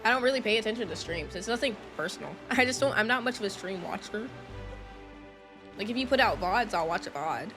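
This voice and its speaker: Woman streamer, casual and chatty with chat, quick to laugh, voice recovering from having been lost, light music underneath. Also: medium pitch, expressive. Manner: chatty, greets viewers, laughs often. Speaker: streamer playing a game.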